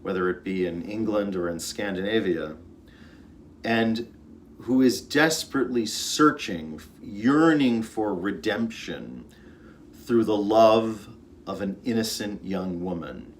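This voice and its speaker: A man's voice: on the low side, expressive, takes it slowly, slight background noise. A man, an orchestra conductor, giving an earnest informal talk about music, storytelling with fillers and restarts.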